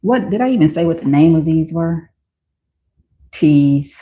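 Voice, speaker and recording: A woman's voice: low-pitched, expressive, unhurried. A woman vlogger talking casually and enthusiastically to viewers while she tries on and sells shoes. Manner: chatty and enthusiastic, talks to viewers. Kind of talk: casual shop-with-me commentary. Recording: roomy, slightly dull home recording.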